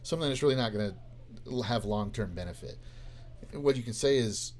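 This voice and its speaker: A man's voice: mid-range voice, a little mellow. A man, a teacher, explaining classroom conversation tactics in a loose podcast style, full of fillers and restarts and acting out student-teacher exchanges. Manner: informal, halting, lots of fillers and restarts. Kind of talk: podcast explaining with role-played dialogue.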